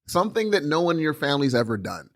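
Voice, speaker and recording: Talking fast in a slightly high voice, this male podcast co-host tells stories in casual conversation and acts out his own thoughts in quoted asides. It's a remote call recording, dry and studio-clean.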